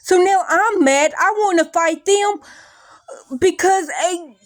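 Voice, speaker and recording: A young adult woman talking through her feelings in a rambling, animated vlog, full of likes and restarts. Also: extremely high pitch, takes it slowly, no room sound. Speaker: vlogger. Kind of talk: casual confessional talk to camera.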